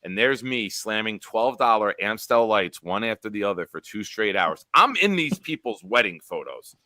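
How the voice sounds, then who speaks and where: A man in his forties, a show host telling a profane, animated sports story with quoted dialogue. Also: lowish voice, normal speed, no room sound.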